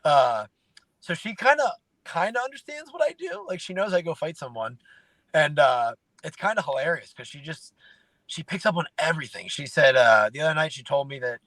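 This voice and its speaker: A man's voice: fairly high pitch, normal speed, dry recording, low-quality recording. A man in his late twenties, a guest fighter telling easygoing stories in a casual interview chat. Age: late 20s. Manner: relaxed storytelling with fillers.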